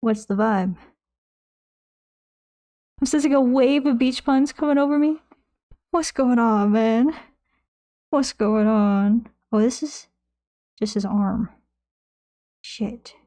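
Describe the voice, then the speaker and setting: A woman's voice: fairly high pitch, slow, pauses often, warm tone. A young woman streaming while she paints, chatting casually into a desk mic, rambling and poking fun at herself as she answers her chat. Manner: rambling, self-mocking, reads chat aloud. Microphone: desk microphone close by.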